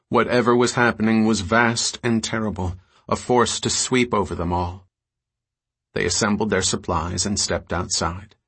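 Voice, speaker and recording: Husky, low-voiced male audiobook narrator. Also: fairly bright tone.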